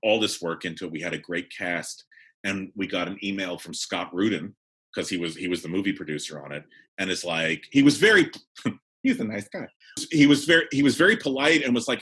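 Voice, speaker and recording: A man, a cabaret producer and director, talking in a casual podcast interview in an animated way with frequent restarts. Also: low voice, a little fast, breathy edge.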